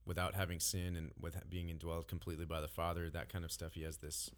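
A man co-hosting a podcast, talking in a thoughtful, halting way and often restarting his phrases. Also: low voice, little pitch movement. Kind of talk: casual podcast discussion.

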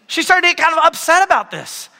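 A man in his thirties preaching a sermon as a pastor, telling stories with lively energy and asking the audience to raise their hands. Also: very high voice, fast, creaky. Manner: animated storytelling, asks audience for raised hands. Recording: long reverb of a large hall.

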